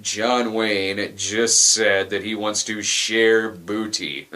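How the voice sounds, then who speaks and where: A man's voice: fairly low pitch, fairly even intonation, slow, few pauses, bright, forceful tone. A man hosting a comedic movie review, sarcastic and wisecracking. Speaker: film reviewer host.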